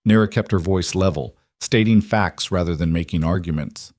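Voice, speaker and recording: A man narrating a fantasy story in an even, measured way. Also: sits low, no echo, studio quality. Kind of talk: scripted audiobook narration.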